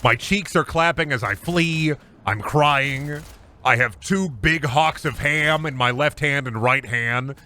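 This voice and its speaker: A man's voice: mid-range voice, takes it slowly, bright, forceful tone. A man streaming a game in casual, crude, goofy commentary, rambling between jokes and trash-talk at opponents.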